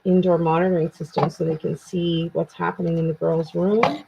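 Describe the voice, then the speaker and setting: A woman's voice: on the low side, steady tone, brisk, vocal fry, background noise. A tired woman from Canada hosting a casual true crime live stream, chatting with viewers in a self-deprecating way. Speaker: true crime channel host. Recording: dull lo-fi home stream audio.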